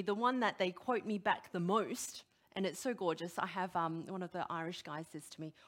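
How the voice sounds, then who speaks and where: A woman's voice: fairly low pitch, moderate pace, hardly any pauses. Woman preacher, middle-aged, emphatic sermon, questions to the congregation. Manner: animated, emphatic preaching with direct questions to the audience.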